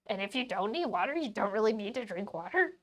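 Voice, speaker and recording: A woman voicing a hyper, over-caffeinated cartoon frog in a silly, excitable stream voice. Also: mid-range voice, quick pace. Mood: giddy.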